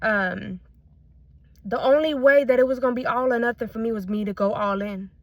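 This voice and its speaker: A woman's voice: a little high, normal speed, no room sound. A woman giving a fervent personal faith testimony to her viewers, repeating phrases and calling them y'all, speaking into a phone she holds in her hand. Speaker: faith content creator. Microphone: phone held in hand.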